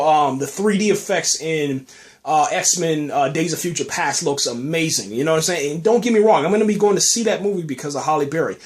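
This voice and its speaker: A man hosting a casual podcast, ranting in an animated, slangy way and tossing in "man" and "you know what I'm saying" all the time. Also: high-pitched. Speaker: podcast host. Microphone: podcast mic.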